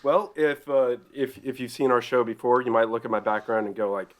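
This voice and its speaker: A man co-hosting a casual podcast chat from his home, telling stories in a halting way and laughing often. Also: mid-range voice, steady tone. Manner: halting, loose storytelling with frequent laughs. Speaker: podcast co-host. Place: home room.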